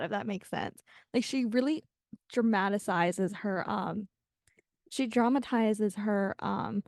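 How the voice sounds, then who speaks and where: A woman's voice: mid-range voice, a little mellow, dry recording, clean studio sound. A young woman hosting a casual solo podcast, rambling and gushing as she trails off and restarts. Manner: rambling, gushing, self-interrupting. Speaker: podcast host.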